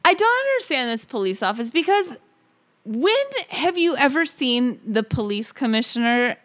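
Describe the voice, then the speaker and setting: A woman's voice: on the high side, big pitch swings, normal speed, a bit bright. A woman in her forties co-hosting a podcast, joking and swearing in casual chat. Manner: joking, profane, riffing. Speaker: podcast co-host.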